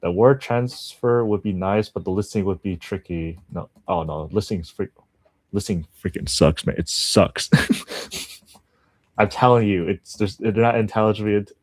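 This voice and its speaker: A man's voice: lowish voice, moderate pace. A man livestreaming his language study, chatting casually with viewers, rambling and laughing often. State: just woke up.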